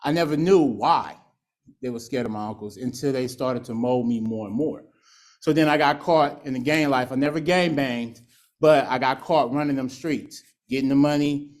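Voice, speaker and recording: A man's voice: mid-range voice, moderate pace, darkish tone. A man sharing his recovery story as personal testimony, candid and streetwise, with laughs and acted quotes.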